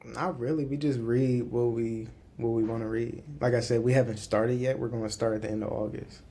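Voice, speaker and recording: A man's voice: medium pitch, level tone, fairly quick, mellow. A man co-hosting a podcast in casual chat, easygoing and teasing. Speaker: podcast co-host.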